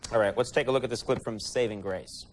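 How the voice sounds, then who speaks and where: A man's voice: medium pitch, quick pace, a little hiss or hum. A man hosting a late-night talk show, interviewing a guest with wry, teasing remarks.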